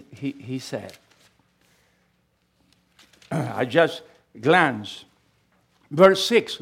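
A man preaching a sermon, reading scripture loudly and emphatically between quieter asides, with small grammar slips. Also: a little high. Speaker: pastor.

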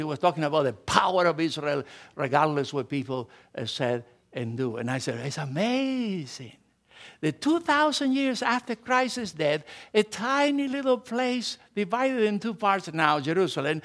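A middle-aged male pastor preaching an animated sermon, swinging from emphatic rises to soft asides, speaking as a with grammar. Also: a little high.

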